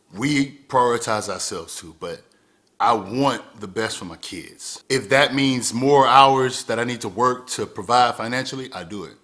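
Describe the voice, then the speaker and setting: A man's voice: on the low side, fairly bright tone. A man in his thirties giving an earnest motivational talk to camera, repeating phrases for emphasis. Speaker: vlogger.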